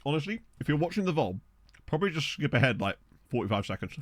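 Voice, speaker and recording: On a desk mic with a dry sound, a young streamer talks fast in a sing-song voice on the high side. He jokes and chats casually as he plays, laughing a lot and occasionally speaking with his mouth full as he eats.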